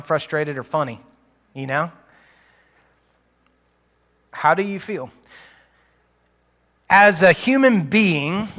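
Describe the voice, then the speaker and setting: High-voiced man preaching in a reverberant hall. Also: a bit bright. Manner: conversational, teaching with quick asides. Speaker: pastor. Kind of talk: sermon. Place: church auditorium. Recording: live church hall reverb.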